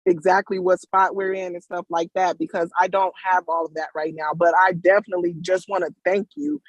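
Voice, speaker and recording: A woman's voice: fairly low pitch, fairly even intonation, brisk, no echo. Emotional grateful woman on a video call. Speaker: caller. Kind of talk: casual testimony on a video call. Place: at work.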